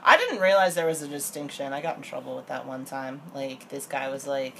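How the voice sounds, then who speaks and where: A woman's voice: extremely low pitch, brisk, vocal fry, noisy background. A young woman chatting casually about a reality show, laughing, swearing and acting out quotes. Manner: chatty, laughing, swearing, quoting people in voices. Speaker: podcast co-host.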